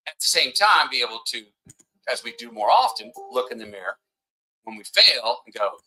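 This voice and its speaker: A man's voice: mid-range voice, very animated, normal speed, sharp tone, faint music behind, poor audio. A man giving an emphatic, preachy motivational talk at a table, now and then acting out the voices of the people he quotes. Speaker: motivational speaker. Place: at a table with a camera crew.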